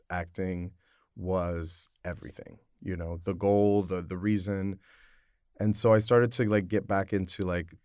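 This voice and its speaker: A man, an actor, talking as a podcast guest in a rambling, animated way, full of "like" and "you know". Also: low voice, dry recording, clean studio sound. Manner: rambling, filler-heavy, animated when storytelling. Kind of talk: casual conversation.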